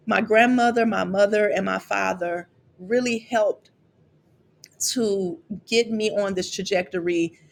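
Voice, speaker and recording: In a gravelly, mid-range voice, a middle-aged Chicago woman shares her college years candidly on camera. A vlogger on college financial aid, she becomes emotional while telling her story and repeats words as she talks.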